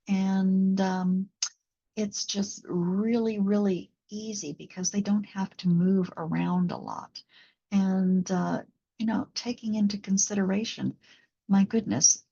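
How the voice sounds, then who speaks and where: A woman working as a postpartum doula and instructor, talking in a gentle, reflective way in a conversational interview, with many fillers. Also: fairly low pitch, creaky, dull audio.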